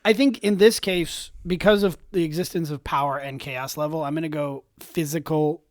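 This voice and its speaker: A man co-hosting a casual podcast, animated and giggly, often restarting his sentences. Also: a little high, moderate pace, dry recording, clean studio sound. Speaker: podcast co-host. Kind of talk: casual chat.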